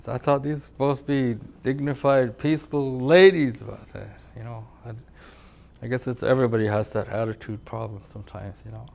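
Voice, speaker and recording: A man's voice: medium pitch, fairly even intonation, a little fast, vocal fry, darkish tone. An older man from California, a tribal elder, telling his life story in a rambling oral-history interview, often saying "you know". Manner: rambling, leans on "you know", acts out quoted voices.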